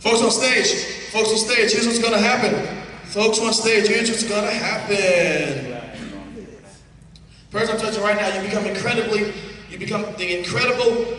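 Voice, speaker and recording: A man's voice: high-pitched, normal speed, bright, forceful tone. A male stage hypnotist giving repetitive, playful commands to volunteers during a live show. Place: theater stage before a live audience. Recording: echoey hall from far off with crowd.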